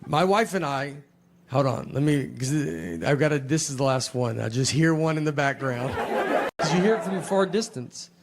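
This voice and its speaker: A man in his forties performing stand-up comedy in a large theater, telling stories in a dry, deadpan way that climbs into exasperated rants. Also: moderate pace, over a noisy crowd, very noisy. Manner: dry, deadpan storytelling that rises into exasperated high-pitched rants. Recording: live theater recording with long hall reverb. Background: audience laughter.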